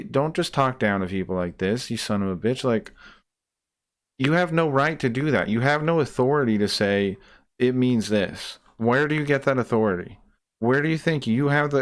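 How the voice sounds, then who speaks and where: A man ranting in a heated, profane reaction commentary, repeating himself and restarting sentences as he gets worked up. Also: medium pitch. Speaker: streamer reacting to a debate clip.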